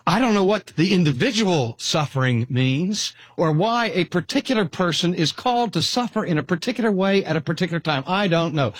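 An older man delivers a sermon in a husky, slightly breathy voice, measured and deliberate, leaning on slow pauses. His pitch rises and falls with lively expression. The sound is close and dry, with no room echo. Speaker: preacher. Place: speaking at a cancer hospital.

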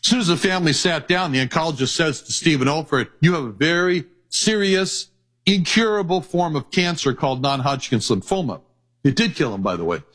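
Husky-voiced man preaching a sermon. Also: a little high, lively intonation, fairly bright tone, poor audio. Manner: earnest, repeats verse references, slows on key phrases.

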